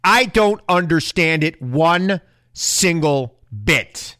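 A man delivers a heated political rant into a close, dry mic with no room sound. His voice sits a little high for a man. He talks with open indignation and keeps pressing hard with rhetorical questions. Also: animated, slow pace, pushed and bright, no room sound. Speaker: political commentator. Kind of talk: impassioned political monologue.

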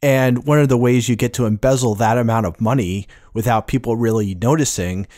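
A man's voice: medium pitch, brisk, darkish tone, no echo, clean studio sound. A man co-hosting a film podcast, rambling with lots of hedging fillers as he critiques a script. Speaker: podcast co-host. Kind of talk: casual film review chat.

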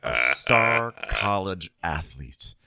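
Deep-voiced man telling wry stories. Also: big pitch swings, extremely slow, creaky, bright, forceful tone, dry recording. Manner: wry, playful storytelling, often mimicking others. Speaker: podcast co-host. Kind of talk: casual comedic chat recapping a reality show.

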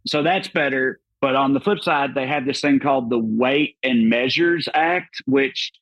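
A man's voice: medium pitch, unhurried, a bit bright, no room sound, low-quality recording. A man with a Southern American accent, a comedian guest telling a rambling, profane travel story in casual chat. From Southern United States.

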